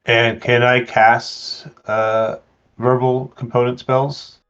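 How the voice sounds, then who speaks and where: A man's voice: mid-range voice, little pitch movement, slow pace, fairly bright tone, smooth, lo-fi sound. A man playing a tabletop game, hesitantly checking rules before he acts. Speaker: player.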